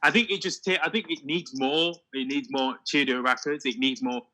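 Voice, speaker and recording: A man in casual conversation, talking in an animated way with lots of "you know what I mean". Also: a little high, normal speed, low-quality recording. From Hull, England. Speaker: discussion guest. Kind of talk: casual chat.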